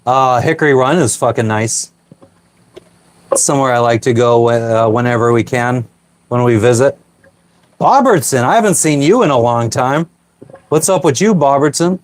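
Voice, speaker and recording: On a casual live stream, a sailing vlogger from Pennsylvania cooks on a small boat and responds to chat questions, cursing freely along the way. His medium-pitched voice moves at a normal speed in a dry recording.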